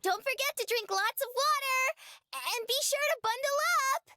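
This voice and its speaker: A woman voicing Yellowstone, a cheerful, bubbly young woman with chipper, old-fashioned folksy phrasing, while reading a game aloud. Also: very high-pitched, expressive, measured pace, no room sound, pitched above the performer's own voice, heavily acted. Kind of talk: reading a visual novel aloud.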